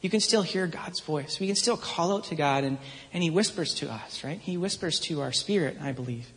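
A man in his thirties preaches in an easy, earnest, anecdotal way, his voice sitting slightly higher than typical for a man. He talks like a pastor chatting with his congregation. The sound rings out with a long reverb, as in a large church hall. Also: lively intonation, a little fast, a bit bright. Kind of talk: conversational sermon.

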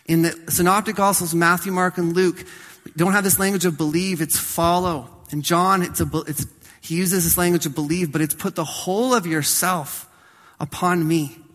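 A man preaching a sermon as pastor, swinging from loud to soft and slowing down on key phrases. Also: high voice, fairly even intonation, in a large hall.

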